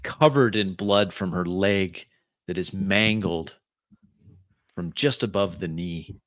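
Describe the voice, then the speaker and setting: A man narrating a tabletop game as game master, describing scenes slowly and deliberately. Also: deep voice, a bit bright, no echo, studio quality.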